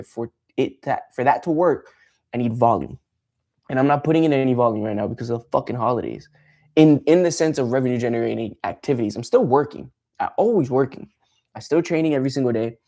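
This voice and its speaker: A man's voice: mid-range voice, dark tone. A man ranting on a casual livestream, frustrated and swearing freely as he rambles. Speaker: streamer.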